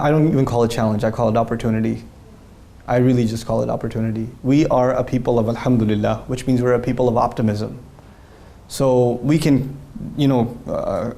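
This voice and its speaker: A man speaking in an interview with a warm, mellow voice. He talks in an earnest, animated way and tells stories through quoted dialogue. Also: medium pitch.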